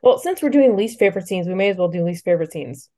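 A woman's voice: on the low side, animated, quick pace, mellow. A woman co-hosting a book podcast, chatting casually and venting with emphasis. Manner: emphatic, vents frustration. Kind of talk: casual chat.

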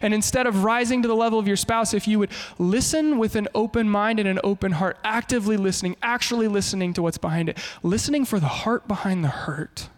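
Male pastor, high-pitched, lively preacher, big echoing hall. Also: fast talker, hardly any pauses. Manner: animated, shifts into quoted voices. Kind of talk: sermon.

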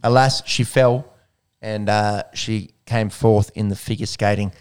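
A man's voice: on the low side, fairly even intonation, a little slow, a little mellow, clear, resonant tone. A man hosting a casual sports podcast, jokey and swearing casually. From Australia. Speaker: podcast host.

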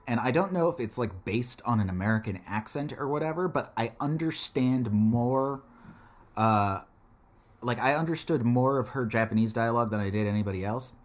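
A man's voice: mid-range voice, moderate pace. A man in casual chat, rambling and joking, swearing now and then as he talks through a film.

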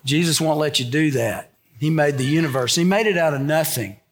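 A man's voice: a little high, a little fast. A man preaching a sermon, emphatic and full of stories. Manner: emphatic, storytelling. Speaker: pastor.

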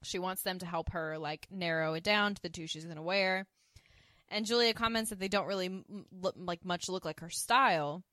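A woman's voice: fairly low pitch, brisk, bright, forceful tone, no room sound. A woman co-hosting a podcast, casually recapping an episode scene by scene, quoting the characters' lines and laughing along. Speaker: podcast co-host.

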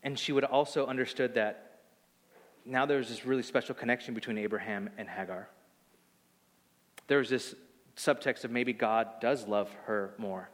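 Animated preacher in an echoing hall. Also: male voice, medium pitch, normal speed, pauses often. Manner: animated, conversational, repeats words when excited. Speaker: pastor. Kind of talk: sermon.

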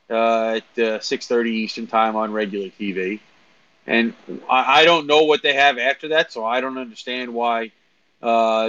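A man co-hosting a casual sports chat show, talking in a dry, teasing way with halting restarts. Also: mid-range voice, a bit bright, no echo, highs cut off. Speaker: co-host.

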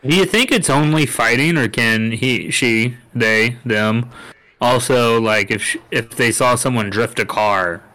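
Casting: male podcast co-host, smooth, clear voice, deadpan quips. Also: medium pitch, measured pace, low-quality recording. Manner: dry, joking asides. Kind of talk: casual chat.

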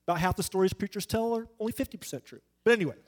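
A man's voice: high voice, rapid-fire. A man preaching an evangelistic sermon, emphatic and conversational, acting out the voices in his stories. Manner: emphatic and conversational, acts out quoted voices in anecdotes.

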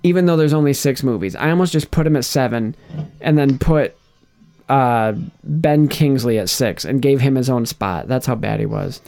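A man's voice: mid-range voice, moderate pace, gravelly, darkish tone, soft background music. A man hosting a casual chat, rambling and restarting his sentences, laughing often. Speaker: podcast host. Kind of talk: casual chat, ranking movie villains.

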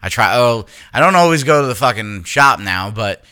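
A man in his thirties co-hosting a podcast, telling profane, animated stories with laughs in casual chat. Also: mid-range voice, normal speed, smooth. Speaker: podcast co-host.

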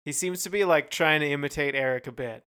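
A man's voice: a little high, fast, pushed and bright, clear, resonant tone. A man from California with a Californian accent, co-hosting a casual music review chat with hesitant, dry humor. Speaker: podcast co-host.

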